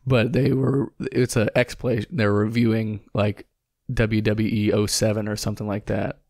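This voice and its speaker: A man with a low, gravelly voice drifts through casual podcast talk, stopping and restarting with plenty of fillers and profanity. The sound is dry and close, with little room in it. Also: level tone, unhurried, a little mellow, dry recording. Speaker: podcast co-host. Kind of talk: casual chat.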